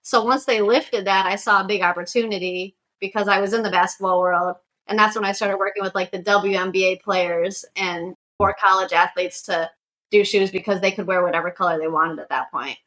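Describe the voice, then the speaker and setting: A woman's voice: medium pitch, steady tone, fairly quick, a bit bright, rough recording. A young woman from Syracuse, New York, talking casually as a guest about her shoe business, with lots of "like" fillers. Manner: chatty, frequent "like" fillers, storytelling. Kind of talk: casual interview conversation.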